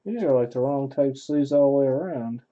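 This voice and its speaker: During a card break, a man speaks at normal speed in a mid-range voice, casually narrating and reasoning aloud as the packs come open. The highs in the audio are cut off.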